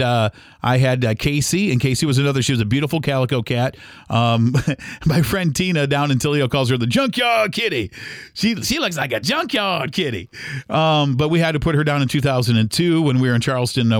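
A man's voice: medium pitch, clear, resonant tone, dry recording. An earnest male podcast host with a mid-range voice talks in a loose, heartfelt monologue, circling back and restarting often. The sound is dry and close, with no room around it. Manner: rambling, earnest, many fillers and restarts; speaks of faith gently and sincerely.

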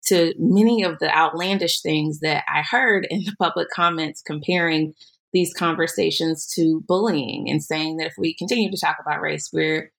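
A woman guest on a podcast answering questions in a measured, emphatic way, repeating words for stress. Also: low-pitched, creaky, fairly bright tone. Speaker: podcast guest, education leader. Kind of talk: earnest interview answers.

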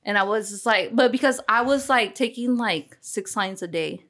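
A woman's voice: on the high side, normal speed, fairly bright tone. A young woman hosting a casual podcast chat, candid, swearing freely and laughing often. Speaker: podcast host.

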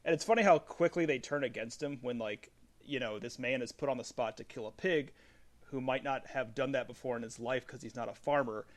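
A man with an average-pitched voice recounting a TV scene in casual chat. He talks quickly and excitedly and laughs as he goes.

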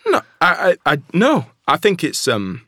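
Speaking unhurriedly with a fairly high pitch and huge swings, he has a sharp tone on a studio-quality recording with no echo. He's a nut producer from Northern England, guesting on a casual podcast and talking eagerly with plenty of fillers and false starts.

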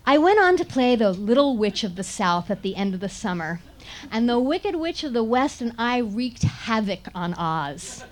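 Woman storyteller, a touch high, lively and wry, laughs through her own comic tale. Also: normal speed. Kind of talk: first-person comic storytelling.

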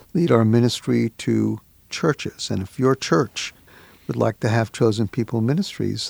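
A man's voice: medium pitch, gravelly, a little mellow, no room sound. A man hosting a ministry radio program, announcing an outreach and introducing a guest.

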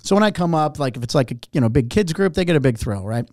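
A middle-aged man, a warm-up comedian, telling a story in casual chat, animated and profane, acting out what people said. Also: fairly high pitch, quick pace, dry recording, clean studio sound. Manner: animated, profane, acts out quotes.

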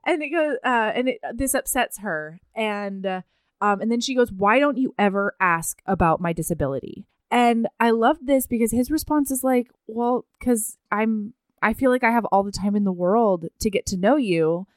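A woman's voice: fairly high pitch, moderate pace, clear, resonant tone, dry recording, studio quality. A woman co-hosting a casual book chat, retelling scenes animatedly with quoted lines and frequent laughter. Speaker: podcast co-host.

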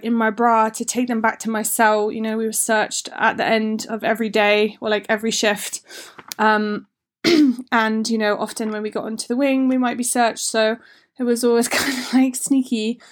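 A woman giving an informal workshop talk in a chatty, frank way, with loose run-on phrasing. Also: fairly high pitch. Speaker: workshop speaker.

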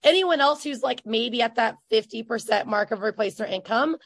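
A chatty woman in her thirties hosts a casual podcast, talking in quick, effusive bursts full of fillers. Her voice sits a little high, and the recording is close and dry with no room around it. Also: animated, gravelly, dry recording. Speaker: podcast host and business coach.

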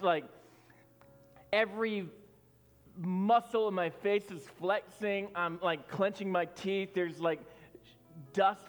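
A man in his thirties preaches a sermon with a fairly high voice, chatty and full of fillers. He rises to loud, pressing lines and then drops to near-whispered prayer. Soft music plays under him, and his voice rings through a big reverberant hall. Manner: conversational storytelling with fillers, swelling loud then dropping soft. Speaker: pastor.

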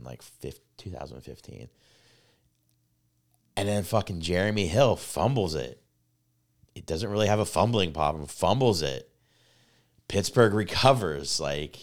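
A man co-hosting a casual podcast, telling a rambling, excitable story full of swearing and filler words. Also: low-pitched. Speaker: podcast co-host. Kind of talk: casual chat.

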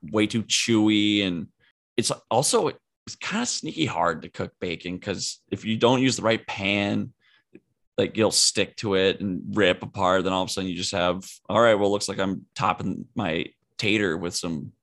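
A man's voice: low voice, normal speed, gravelly, a bit bright. A young man co-hosting a podcast, chatting casually and giving blunt, rambling opinions. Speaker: podcast co-host. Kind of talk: casual chat.

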